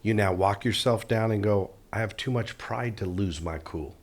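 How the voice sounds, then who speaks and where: A man's voice: fairly low pitch, moderate pace. A male interviewer who asks his questions in an earnest, admiring way.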